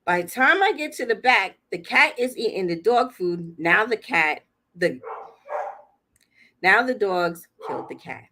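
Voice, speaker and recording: A woman's voice: medium pitch, lively intonation, a little slow, sharp tone. A woman hosting a livestream, telling a story casually, laughing often and acting out what people said. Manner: chatty, laughs often, acts out quotes. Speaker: livestream host.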